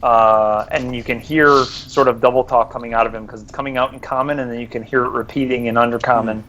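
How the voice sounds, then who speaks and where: A player in a tabletop game, calmly describing what his character does. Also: mid-range voice, brisk, a little hiss or hum, poor audio. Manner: explains his character's actions in a calm, descriptive way. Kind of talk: tabletop role-play.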